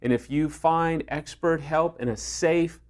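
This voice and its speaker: A man's voice: fairly high pitch, measured pace. A man coaching on affair recovery, talking earnestly and telling stories with acted-out dialogue. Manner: earnest, storytelling, acts out quoted dialogue. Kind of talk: direct-to-camera advice talk.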